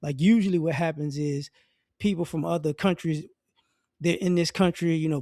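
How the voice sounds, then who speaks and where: A man with an African American English accent gives an animated, casual opinion monologue and keeps restarting his sentences. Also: a little high, normal speed, no echo, clean studio sound. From United States. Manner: animated, acts out quoted voices, frequent restarts. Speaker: commentary vlogger.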